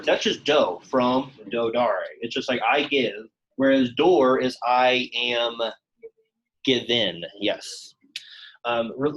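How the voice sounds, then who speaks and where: A man's voice: mid-range voice, fairly bright tone, slightly rough, rough recording. A young man teaching a Latin class in a classroom, chatty and casual, full of "like" fillers. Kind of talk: classroom lesson.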